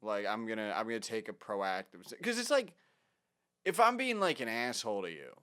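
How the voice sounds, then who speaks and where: A man's voice: fairly low pitch, sing-song, a little fast, pushed and bright, clean tone. A man co-hosting a podcast in casual chat, rambling with constant fillers and trailing off mid-thought. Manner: rambling, heavy use of "like", trailing off. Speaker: podcast co-host.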